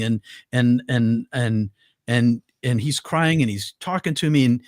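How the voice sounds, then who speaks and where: A man's voice: medium pitch, unhurried, no room sound, clean studio sound. Earnest older man telling his story. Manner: earnest, vivid, with many restarts and repeated words. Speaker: guest. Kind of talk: personal storytelling in an interview.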